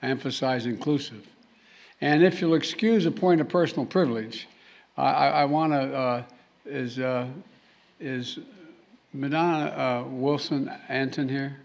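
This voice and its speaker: A man speaking at a formal reception, halting and restarting, with joking asides to the audience. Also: mid-range voice, steady tone, gravelly. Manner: halting, with repeated words and trailing restarts; jokey asides to the crowd. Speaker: president giving a speech. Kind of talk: formal speech with off-the-cuff asides. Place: formal reception hall, indoors.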